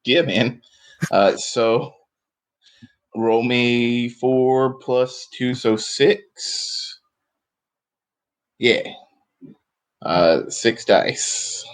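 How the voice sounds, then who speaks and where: A man's voice: mid-range voice, extremely slow, long pauses. A man running a tabletop game as game master, laid-back and joking with his players. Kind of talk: casual tabletop game play.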